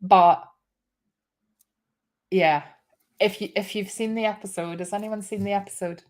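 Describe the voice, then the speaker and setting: Host, woman in her fifties, chatty and heartfelt, mid-pitched, casual live talk. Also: level tone, moderate pace, pauses often. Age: 50s. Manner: chatty and emotional, with frequent laughs and restarts.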